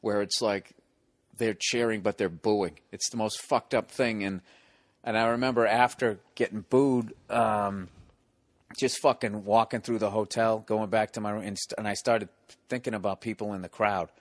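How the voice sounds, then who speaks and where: This man in his forties has a Boston accent and tells stand-up stories in casual chat, swearing heavily and acting out the characters, including yelling hecklers. His voice sits on the low side, at a normal speed, with no echo.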